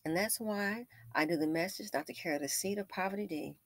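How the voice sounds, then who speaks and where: A woman's voice: on the low side, brisk, no echo. A woman host giving casual, opinionated commentary, telling a story with wry asides.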